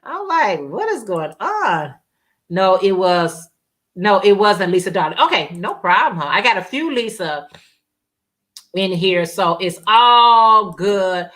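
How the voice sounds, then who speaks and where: A woman's voice: mid-range voice, expressive, takes it slowly, a bit bright. A woman hosting a casual live stream, rambling and reading viewer comments aloud with frequent laughs. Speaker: livestream host.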